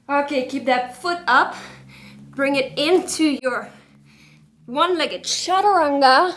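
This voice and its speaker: A woman's voice: sits high, roomy sound. A woman yoga instructor, out of breath as she cues a flow while doing it, encouraging throughout. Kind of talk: guided yoga class instruction.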